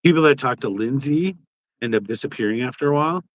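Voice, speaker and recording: A man's voice: medium pitch, lively intonation, fast, no echo, low-quality recording. A man co-hosting a podcast, telling a rambling story in casual chat, with many fillers and some swearing. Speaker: podcast co-host.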